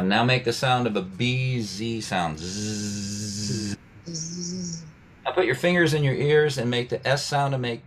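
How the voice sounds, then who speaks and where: A man, a poet and writing teacher, leading a workshop on a video call, speaking thoughtfully with many fillers and restarts and demonstrating sounds slowly. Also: mid-range voice, a little hiss or hum. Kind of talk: guest talk leading a workshop.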